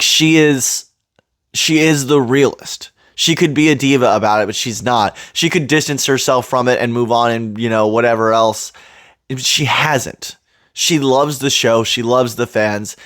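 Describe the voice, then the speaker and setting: Reaction host, male, mid-pitched, heartfelt fan commentary, close dry mic. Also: a bit bright, no echo. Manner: earnest, voice cracking with emotion.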